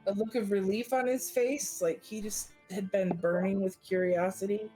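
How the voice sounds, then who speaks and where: A woman narrating as game master in a tabletop game, calm and unhurried. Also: medium pitch, husky, low-quality recording. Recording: faint music behind.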